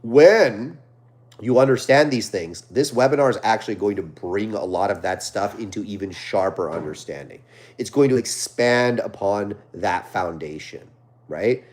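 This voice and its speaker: Answering viewer questions on a live Q&A, this dog trainer has a fairly low, darkish voice. He reads each question aloud and explains his methods in a relaxed, conversational way, often closing a point with a quick "right?".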